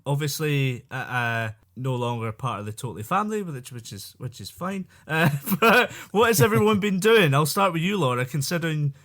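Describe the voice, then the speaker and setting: A man's voice: a little high, expressive, moderate pace, hardly any pauses, a bit bright. A man hosting a casual football podcast, jokey and chatty, laughing often. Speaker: podcast host.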